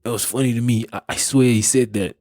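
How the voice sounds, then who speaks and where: A man's voice: medium pitch, steady tone, fast talker, a little mellow, no echo, studio quality. A young South African man hosting a podcast, telling a story in a rambling way with many restarts and frequent laughs. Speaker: podcast host. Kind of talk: casual storytelling.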